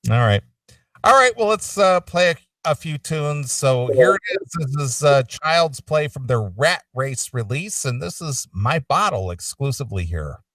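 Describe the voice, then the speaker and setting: Lively, laughing radio host man. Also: mid-range voice, measured pace, no room sound, far from the mic. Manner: laughing easily, takes calls. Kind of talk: casual radio banter.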